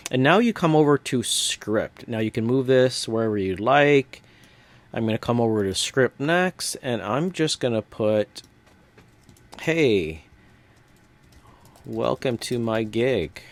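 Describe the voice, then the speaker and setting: Male tutorial host, step-by-step casual walkthrough, dry close sound, mid pitch. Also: no room sound. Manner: relaxed step-by-step narration with casual fillers. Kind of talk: screen-recorded software walkthrough.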